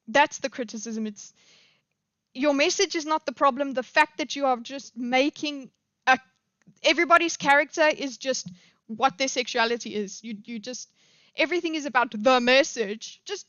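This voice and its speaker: Rambling woman streamer, higher voice. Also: a bit bright, clean tone, no room sound, dull audio. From South Africa. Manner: rambling, opinionated, halting. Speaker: streamer commenting on a debate. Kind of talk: live stream commentary.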